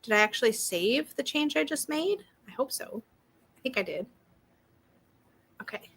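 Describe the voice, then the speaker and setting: A woman's voice: on the high side, lively intonation, moderate pace, fairly bright tone, breathy edge. A woman hosting a live stream in a bubbly, chatty way, greeting viewers by name and reading their comments aloud. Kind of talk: casual live-stream chat.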